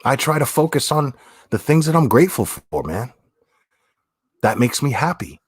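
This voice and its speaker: A man's voice: medium pitch, very animated, normal speed, slightly rough, no echo, studio quality. A man hosting a livestream, talking bluntly and opinionated, swearing and repeating phrases as he reads chat. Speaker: livestream host.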